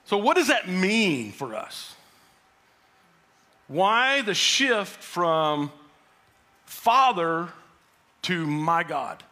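A man preaching a sermon, building up and then dropping low for emphasis. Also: sing-song, drawn-out words, long pauses, sharp tone. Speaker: pastor.

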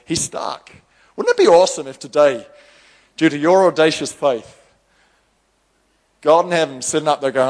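A male pastor delivering a sermon with lively energy. His voice sits a little higher than most men's, and he slips into the voices of the people in his stories as he speaks. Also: moderate pace, pauses often, big-room sound. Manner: animated preacher acting out quoted voices.

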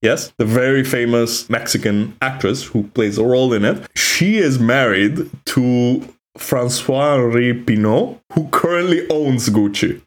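A man's voice: medium pitch, a little slow. A man from Italy with an Italian accent, a native Italian speaker co-hosting a podcast in casual, opinionated chat. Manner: chatty, opinionated, frequent "like" fillers. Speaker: podcast co-host.

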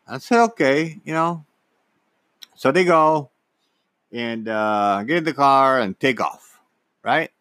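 A man telling a personal story in a halting way, often repeating words and acting out what people said. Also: mid-range voice, animated, fairly bright tone, no echo. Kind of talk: personal anecdote, casual monologue.

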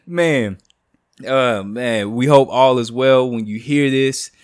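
A podcast host in his late thirties chats casually and slowly in a mid-range voice, recorded at studio quality with no room sound. Laid-back and joking, he speaks plainly about faith and family.

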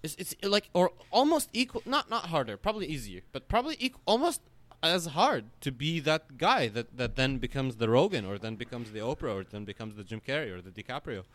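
This podcast co-host talks casually in an animated, rambling way, full of fillers and frequent cursing. The voice is mid-range and brisk, hardly pausing, with no echo.

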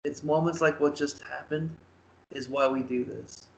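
A man's voice: on the high side, steady tone, creaky. Earnest man in an echoey room. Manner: earnest, halting, many restarts. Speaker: podcast co-host. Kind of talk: casual sports chat. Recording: roomy echoey sound.

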